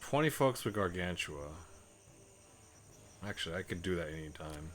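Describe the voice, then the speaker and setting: A man's voice: sits low, animated, normal speed, a bit bright. A man streaming a video game live, chatting and muttering self-deprecating asides and swearing at the game. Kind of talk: live gameplay commentary.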